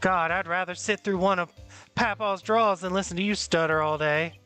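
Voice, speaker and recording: A woman's voice: lowish voice, fairly even intonation, moderate pace, fairly bright tone, smooth, soft background music, close to an everyday voice. A woman voicing a brash, touchy Southern woman photographer with a folksy, scolding drawl in a fan reading of a game. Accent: put-on Southern US drawl.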